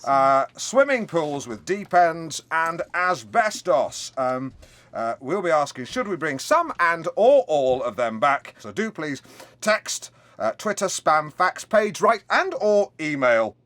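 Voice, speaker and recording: A man's voice: on the high side, very animated, slow pace, fairly bright tone, full character voice. An actor playing a pompous, blundering middle-aged radio host who keeps correcting himself as he talks on air. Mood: brash. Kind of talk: sitcom radio-show acting.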